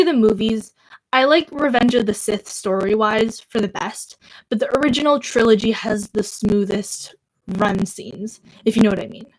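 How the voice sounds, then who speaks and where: A young woman chatting casually on a livestream, replying to viewer comments and laughing often, with lots of "like" fillers. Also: on the high side.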